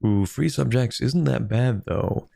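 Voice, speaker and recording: A man's voice: mid-range voice, a little slow, gravelly, dark tone. A man streaming a strategy game, chatting casually, thinking aloud and answering viewers' questions. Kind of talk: casual gameplay commentary.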